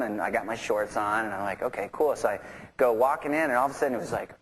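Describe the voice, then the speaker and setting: A man's voice: medium pitch, fast talker. A male musician telling a rambling anecdote, laughing as he goes. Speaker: musician guest. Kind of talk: casual anecdote.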